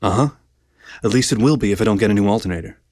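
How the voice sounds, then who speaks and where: A man's voice: fairly low pitch, very fast, a little mellow, no room sound, clean studio sound, close to an everyday voice. A man voicing a cocky, laid-back male dog who talks in a lazy drawl. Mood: easygoing.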